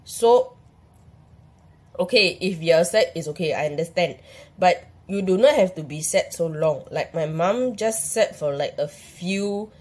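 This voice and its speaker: A woman's voice: lowish voice, animated, unhurried, darkish tone. A young woman with a Malaysian English accent, talking in a casual, rambling and earnest way as she shares her own story in a vlog. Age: young adult. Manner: rambling and earnest, full of "like" and restarts. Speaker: vlogger sharing her epilepsy experience.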